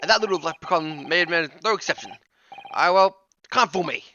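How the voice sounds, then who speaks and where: Blunt grumpy juror man, lively pitch, muffled, game music, as a streamer puts him on. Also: very fast. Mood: grumbling. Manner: blunt and grumbling. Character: gruff grudging male juror.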